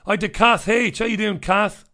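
A man's voice: sits high, fairly even intonation, normal speed, bright, forceful tone. A middle-aged man hosting a radio show, chatting casually and bluntly as he reads out listener messages.

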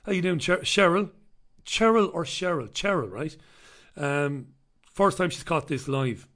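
A man's voice: a little high, expressive, unhurried, fairly bright tone. An Irish man hosting a live stream in casual chat, sardonic and sweary as he greets viewers and riffs on the news. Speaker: livestream host.

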